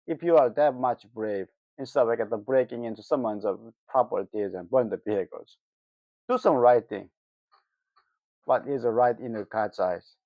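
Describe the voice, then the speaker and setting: A man from North Korea with a North Korean accent, speaking English as a second language in a casual opinion monologue, halting with many fillers and breaking into heated, mocking asides. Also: mid-range voice, no echo. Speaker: vlogger. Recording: dull lo-fi dry recording.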